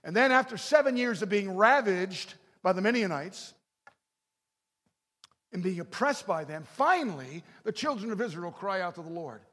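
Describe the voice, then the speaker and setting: Man preaching, animated, loud-soft swings, long hall reverb. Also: sits high, moderate pace. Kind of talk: sermon.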